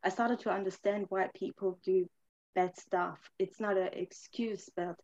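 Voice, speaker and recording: A woman sharing a personal testimony, earnest and halting, pausing often on fillers and restarting her sentences. Her English phrasing is non-native and her voice sits at an average pitch. The recording has a slightly dull, lo-fi sound. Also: steady tone, a little mellow. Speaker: podcast guest.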